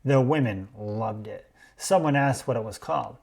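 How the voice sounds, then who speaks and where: Calm man explaining food history. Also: medium pitch, creaky. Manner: measured, explanatory storytelling. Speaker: podcast host. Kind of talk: scripted explainer podcast.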